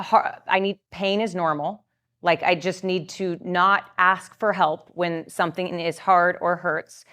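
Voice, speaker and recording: A woman's voice: on the low side, fairly bright tone. Earnest woman explaining, lots of "like". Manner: earnest, many "like" fillers and restarts. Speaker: guest coach on trauma and the nervous system. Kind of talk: explanatory masterclass talk.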